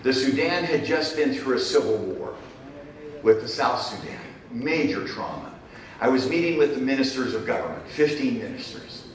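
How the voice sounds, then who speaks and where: A man's voice: medium pitch, expressive, moderate pace. A middle-aged man giving a conference keynote, speaking in punchy short phrases with dry humor. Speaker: keynote speaker, business professor. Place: large conference hall. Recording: echoey hall, distant mic, faint noise.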